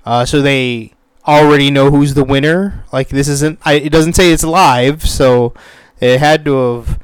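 A man's voice: medium pitch, steady tone, a little slow, clear, resonant tone, no echo. A man talking casually about a TV show in a rambling rant, with many fillers and a lot of swearing when he gets worked up. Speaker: commentator on a TV show.

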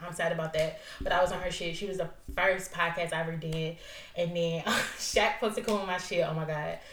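A woman's voice: lowish voice, a bit bright. A young woman hosting her own podcast, chatting casually in a loose, profane, rambling way and laughing often. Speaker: podcast host. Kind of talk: casual solo podcast chat. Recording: roomy echo.

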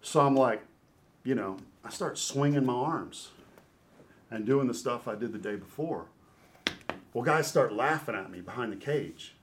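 A middle-aged man, a former ballplayer and podcast guest, telling an animated story. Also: mid-range voice, measured pace, pauses often, noisy background. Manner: animated storyteller who acts out scenes. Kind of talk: storytelling interview.

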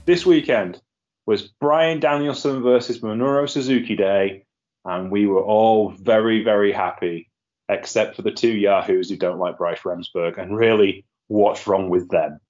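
Man, podcast host, rambling casual chat, lowish voice, muffled lo-fi sound. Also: a little mellow. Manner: chatty, rambling, laughs at own jokes.

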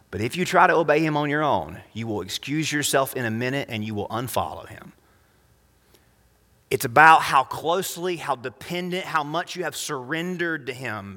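A man preaching a sermon as pastor, emphatic, swinging between loud high phrases and quiet low ones. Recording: long reverb of a hall.

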